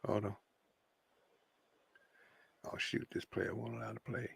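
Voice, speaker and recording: A man joining a livestream over a video call, talking slowly and easily. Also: on the low side, level tone, gravelly, fairly bright tone, husky, no echo. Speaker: guest on a livestream. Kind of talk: casual chat on a livestream.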